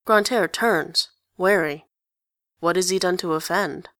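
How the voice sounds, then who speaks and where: A woman narrating a story in an even, conversational way. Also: lowish voice, unhurried, dry recording, clean studio sound. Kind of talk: story reading.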